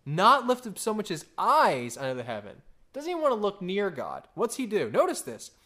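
Animated man in his thirties preaching. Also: sits high, normal speed. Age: 30s. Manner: conversational, story-driven preaching with frequent "right?" asides. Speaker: pastor. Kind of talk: sermon.

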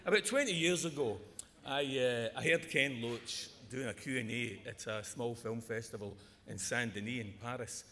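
A man's voice: mid-range voice, normal speed, bright, forceful tone. A man giving a joking, rambling awards speech, often restarting his sentences. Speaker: award presenter. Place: large ceremony hall with audience. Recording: echoey hall, audience noise.

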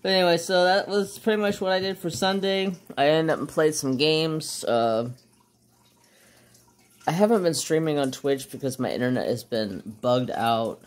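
A man's voice: a little high, normal speed. A man hosting a crafting channel, chatting casually while he works and often losing his train of thought.

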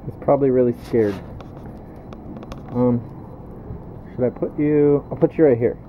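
Very low-voiced woman vlogging. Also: steady tone, measured pace, narrow, tinny audio, slight background noise. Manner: chatty, laughs easily, talks to the camera. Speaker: vlogger filming. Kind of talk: casual vlog narration. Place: home, indoors.

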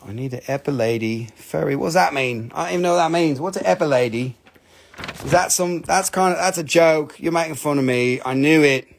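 A man's voice: fairly high pitch, a little fast, gravelly. A man hosting a live crystal sale stream, chatty and self-mocking, joking nonstop with viewers. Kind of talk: casual live sales stream banter.

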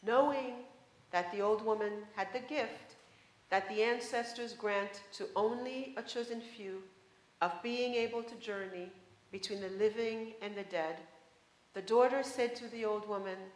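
A woman author giving a public reading of a story in a measured, expressive way, in a college lecture hall. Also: medium pitch.

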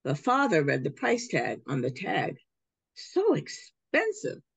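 A woman, a children's book author, reading her picture book aloud with expressive storytelling at a library event. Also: deep voice, moderate pace, creaky, slightly rough, no room sound.

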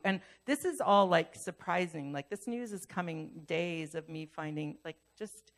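An older woman giving a sermon, telling a personal story in an animated way and acting out the lines of other people. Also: on the low side, measured pace, hardly any pauses. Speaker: pastor.

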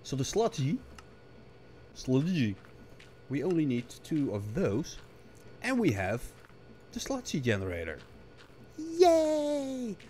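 A man with a hoarse, coughing voice, muttering to himself in casual gameplay commentary and breaking into frustrated outbursts. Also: medium pitch, very animated, a little slow, pauses often, a little mellow, soft background music. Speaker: gaming streamer.

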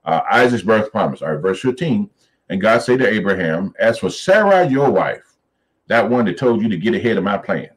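A man leading a Bible study, reading scripture aloud slowly and then riffing on it in a lively, preacherly way. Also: fairly low pitch, low-quality recording.

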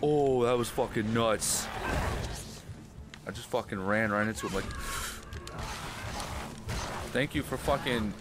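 A man's voice: medium pitch, takes it slowly, pauses often, loud music behind the voice. A man giving profane, flustered commentary while playing a video game, exclaiming at what happens on screen. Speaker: gaming channel host. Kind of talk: live gameplay commentary.

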